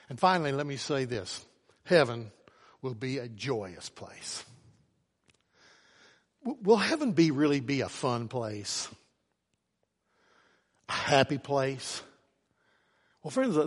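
A man preaching a sermon, with emphatic delivery that climbs to loud, urgent questions. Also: medium pitch. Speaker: pastor. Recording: long hall reverb.

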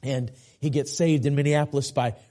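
A man's voice: mid-range voice, fairly even intonation, normal speed, dark tone. A middle-aged man from the United States, preaching as an evangelist with passion, repetition and frequent restarts. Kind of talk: sermon.

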